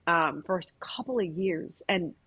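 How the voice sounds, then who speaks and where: A woman's voice: fairly low pitch, measured pace, a bit bright, husky, lo-fi sound. A middle-aged woman speaking bluntly and emphatically as an interview guest, with frequent swearing. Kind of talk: candid conversational interview.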